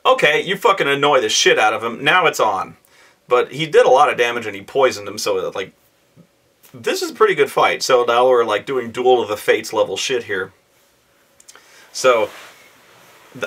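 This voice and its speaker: Bright-voiced man swearing through a game story. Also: medium pitch. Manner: profane, animated, acts out players in raised voices. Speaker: host telling a tabletop game story. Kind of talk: casual storytelling monologue.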